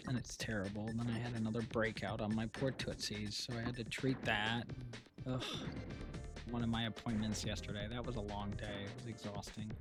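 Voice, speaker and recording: With music playing under his talk, a streamer who runs an AI VTuber channel rambles and vents to viewers in a casual chat, often restarting sentences. He has a fairly low voice with fairly even intonation and speaks at a moderate pace.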